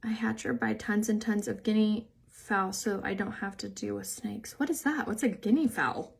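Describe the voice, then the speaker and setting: A young woman with a creaky, medium-pitched voice talks at normal speed while hosting a makeup live stream. She chats casually, rambles, responds to viewer comments, says "like" often, and laughs easily.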